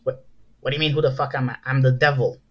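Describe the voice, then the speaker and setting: A man's voice: medium pitch, steady tone, fast talker, a bit bright, muffled recording, natural voice. A man voicing a pushy, crude male devil in his nearly normal speaking voice, with brash, profane delivery.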